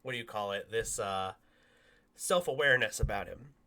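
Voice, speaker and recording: Bright animated man telling a story. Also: fairly low pitch, moderate pace. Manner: animated, acts out quotes with loud bursts and laughs. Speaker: podcast co-host. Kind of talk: casual storytelling chat.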